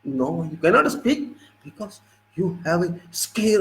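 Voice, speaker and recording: A man's voice: high voice, expressive, unhurried, low-quality recording. A man with an Indian English accent, from India, giving an emphatic, repetitive monologue as a civil engineering lecturer.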